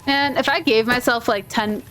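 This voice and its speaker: A woman's voice: a little high, steady tone, moderate pace, fairly bright tone, a little hiss or hum. A woman with a Minnesotan accent, chatting in a rambling, playful way while she plays a video game. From Minnesota, USA. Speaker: gaming video host. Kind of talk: casual chat over gameplay.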